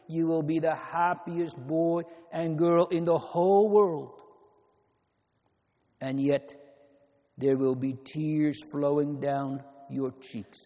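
A man preaching slowly in a warm, mellow voice, pitched a little high for a man. His sermon is earnest and repetitive, with emphatic rises. Long reverb from a church hall rings around every word.

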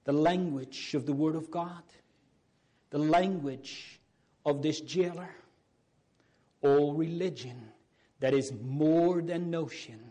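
A man preaching a sermon in a solemn, pleading way, with long pauses and repeated phrases. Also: on the high side, warm tone.

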